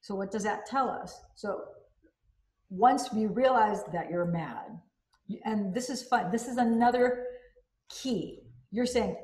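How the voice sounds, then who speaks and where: A woman hosting a casual talk about self-help, animated and acting out quoted phrases. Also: fairly high pitch, a little slow. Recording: echoey room.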